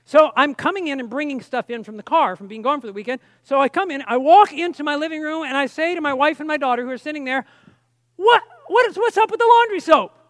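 A man's voice: very high-pitched, quick pace, hardly any pauses, a bit bright, dry recording, clean studio sound. A man preaching a personal testimony sermon, telling the story with strong emotion and frequent restarts.

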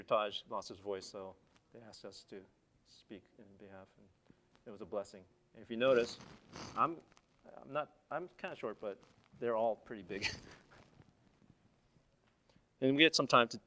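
A man's voice: lowish voice, normal speed, pauses often, sharp tone. A man presenting at a seminar, telling stories from his slides in a chatty, conversational way with frequent restarts. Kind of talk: casual slide presentation storytelling.

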